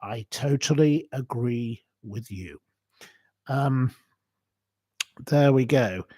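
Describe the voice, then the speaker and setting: A man's voice: medium pitch, extremely slow, dark tone. A man hosting a live stream, answering viewer comments in an emotional, indignant rant that repeats itself. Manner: indignant, ranting, repeats himself.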